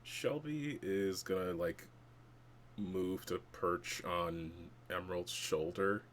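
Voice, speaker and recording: Man, very deep voice, unhurried, gentle, earnest, faint background noise. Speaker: player. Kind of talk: playing a tabletop game.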